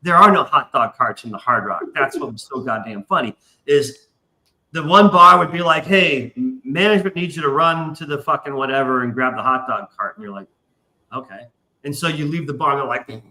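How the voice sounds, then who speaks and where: A man's voice: mid-range voice, expressive, fairly quick, sharp tone, roomy sound, rough recording. A man hosting a live stream, telling a story in a loose, profane way and acting out other people's lines. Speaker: podcast host. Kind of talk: casual storytelling chat.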